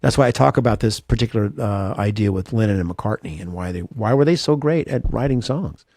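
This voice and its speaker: A man's voice: fairly low pitch, expressive, fairly quick, creaky, a little mellow, no room sound, clean studio sound. A man, a guitarist guest in an interview, talking earnestly and self-deprecatingly with lots of restarts. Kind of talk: reflective interview talk.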